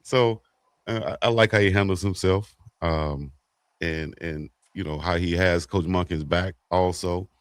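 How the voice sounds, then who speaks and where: A man co-hosting a casual sports talk show, slangy and animated, acting out quotes. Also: low voice, a little slow, smooth, dry recording, clean studio sound. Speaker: co-host.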